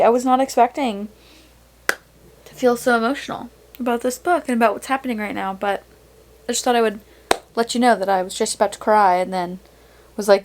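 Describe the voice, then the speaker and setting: Chatty young woman book vlogger. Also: on the high side. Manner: chatty, dramatic and emotional about books. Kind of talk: casual vlog chat.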